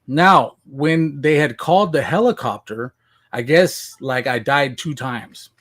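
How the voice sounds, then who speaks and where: A man from Washington State telling his life story as a podcast guest, casual and animated, acting out what he said back then. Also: mid-range voice, a little slow. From Washington State, USA. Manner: animated, acts out his own past voice.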